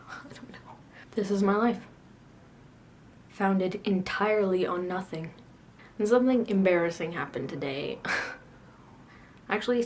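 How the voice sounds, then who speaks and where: A woman's voice: lowish voice, a little hiss or hum. A teenage girl in a casual video blog, sassy and self-mocking, rambling about her day with frequent laughs. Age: teens. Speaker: video blogger. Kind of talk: casual chat to camera.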